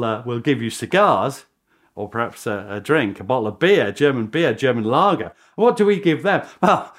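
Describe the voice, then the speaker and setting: A male historian recounting events in an interview, his voice riding high and swinging up and down with lively energy. He chuckles often and restarts his sentences as he goes, in an animated storytelling manner. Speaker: historian guest.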